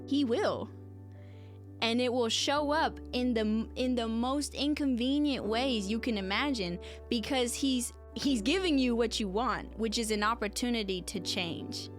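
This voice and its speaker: A woman's voice: on the high side, a little slow, faint music behind. A woman hosting a podcast, talking earnestly and conversationally and often turning to address her listeners directly. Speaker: podcast host. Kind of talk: reflective solo podcast talk.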